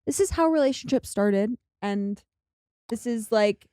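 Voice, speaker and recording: A woman's voice: on the high side, animated, unhurried, dark tone, no room sound, clean studio sound. A woman co-hosting a podcast in casual, supportive chat. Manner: supportive, chatty. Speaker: podcast co-host.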